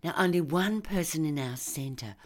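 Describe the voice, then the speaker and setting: A woman's voice: low voice, lively intonation, moderate pace, voice pushed up. A woman reading a story, voicing a fiery, idealistic woman childcare worker who is explaining herself.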